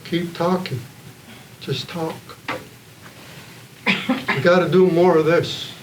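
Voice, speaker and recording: A man telling stories at a community panel evening, earnest and plain-spoken, pausing often. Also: a little high, steady tone. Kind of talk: heartfelt public storytelling. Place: gathering room with an audience. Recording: distant mic, faint room noise.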